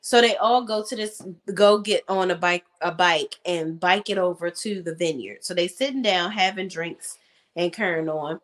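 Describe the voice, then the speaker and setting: A woman hosting a casual reality TV recap, talking in slang and acting out cast members' lines in quick voices. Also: on the low side, a bit bright.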